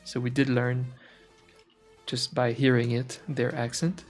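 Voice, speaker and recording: Man, relaxed stream chatter, hunts for words, lots of "uh" and restarts, mid-pitched, faint music behind. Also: a little slow. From French-speaking Canada. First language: French. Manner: rambling, searches for words, frequent fillers and restarts. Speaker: art streamer. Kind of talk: casual chat while drawing on stream.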